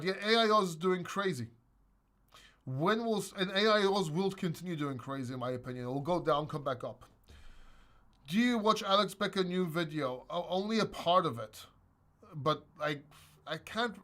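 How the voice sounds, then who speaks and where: Crypto stream host, man, slightly high voice, blunt and rambling with casual swearing. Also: a bit bright. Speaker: crypto channel host answering questions. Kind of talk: casual livestream Q&A.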